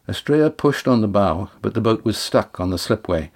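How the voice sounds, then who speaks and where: A man narrating an audiobook chapter in a steady, measured way. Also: on the low side.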